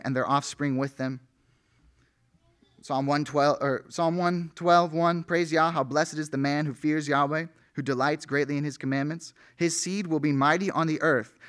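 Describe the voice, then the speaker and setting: A man's voice: on the high side, fairly bright tone. A male pastor preaching an earnest sermon, reading scripture aloud with rising emphasis.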